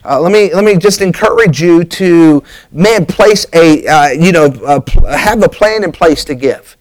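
A middle-aged man preaches from the pulpit in a folksy, storytelling way, slipping in fillers and restarting his sentences. His voice sits a bit on the high side. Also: lively intonation, a little slow, low-quality recording. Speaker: pastor. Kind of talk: sermon.

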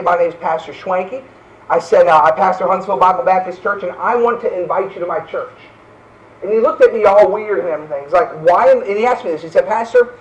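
A man's voice: sits high, recorded from a distance, lo-fi sound. A man preaching a fervent sermon as pastor, often tossing in "right?" asides.

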